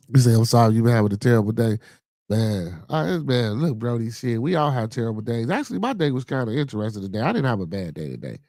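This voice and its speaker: A man with a Chicago accent hosting a casual podcast live stream, reacting to chat comments in a loose, animated, profane way. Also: medium pitch, brisk, dry recording, studio quality. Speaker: podcast host.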